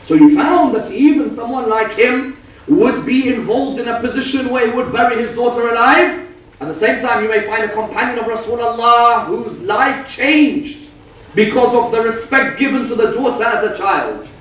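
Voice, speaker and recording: A man's voice: very high-pitched, moderate pace, fairly bright tone. A man giving a sermon, retelling a story dramatically with quoted dialogue. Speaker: preacher. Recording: echoey hall from a distance.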